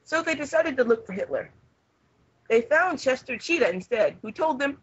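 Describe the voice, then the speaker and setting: A young man reading fanfiction aloud to friends in a deadpan manner, trying not to laugh. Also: very high-pitched, normal speed, breathy edge, no room sound, highs cut off. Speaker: reader among friends.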